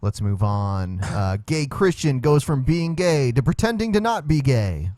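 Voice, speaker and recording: A man's voice: medium pitch, big pitch swings, measured pace, mellow, dry recording. A man hosting a podcast in casual, wry chat, laughing often. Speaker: podcast host.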